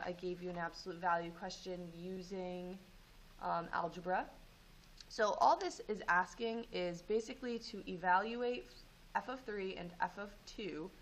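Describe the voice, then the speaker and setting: A woman teaching math, going over homework and walking students through steps in a relaxed way with frequent ums. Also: medium pitch, a little hiss or hum, rough recording. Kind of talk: homework review and lesson.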